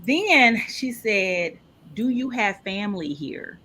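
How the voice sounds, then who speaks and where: A woman telling a personal story in an interview, lively and expressive, acting out the people she quotes. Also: slow pace, slight background noise. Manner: animated, acts out quoted people with big pitch jumps. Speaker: podcast guest.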